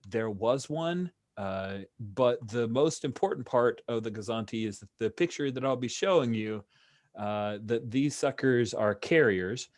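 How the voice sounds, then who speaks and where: A man running a tabletop role-playing game as game master, in a relaxed, chatty way with pauses. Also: mid-range voice, no echo, studio quality.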